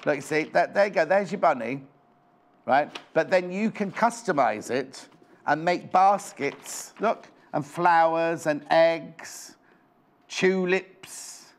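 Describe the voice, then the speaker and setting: A man's voice: fairly high pitch, slow pace. A man presenting a live shopping show, chatting in a bubbly way about the items on show into a clip-on microphone in a TV studio. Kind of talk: live TV sales chat.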